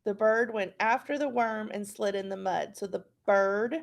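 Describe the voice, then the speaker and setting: A woman's voice: medium pitch, normal speed, creaky. A woman teacher leading a patient, encouraging phonics lesson for young children.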